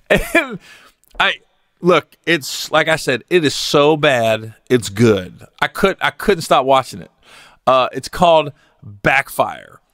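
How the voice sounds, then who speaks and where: Male comic host, lively and swinging in pitch, bright tone, dry close sound, profane. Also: takes it slowly, long pauses, dry recording. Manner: animated, profane, laughs at his own stories. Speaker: podcast host. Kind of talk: comedic podcast storytelling.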